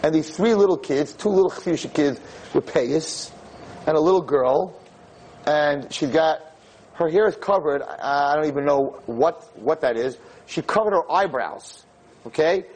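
A man from New York, a rabbi telling stories in an animated way to a live audience in a room. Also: measured pace, slightly rough, rough recording. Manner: animated, jumps high when quoting people. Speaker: rabbi giving a talk. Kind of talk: storytelling Torah talk to a live audience.

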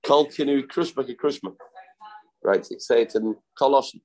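A man's voice: mid-range voice, normal speed, a little mellow, poor audio. Man teaching an informal Talmud class. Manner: explains step by step, repeats key phrases, asks rhetorical questions.

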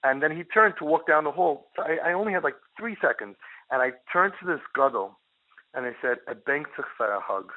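A middle-aged man, a parenting guide, telling a case story in an animated way and repeating words for emphasis. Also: on the high side, fairly quick. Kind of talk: storytelling talk. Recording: tinny phone-line sound.

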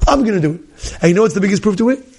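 A man teaching as a rabbi in a lively Torah class, repeating his points and acting out the people in his stories. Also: high voice, rapid-fire, creaky, breathy edge. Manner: animated, repeats phrases, acts out quoted people.

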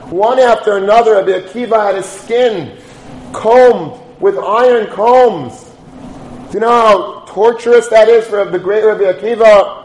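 High-voiced man giving a Torah lecture. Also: unhurried, a little mellow, reverberant, rough recording. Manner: storytelling, rises to chanting Hebrew liturgy. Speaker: rabbi.

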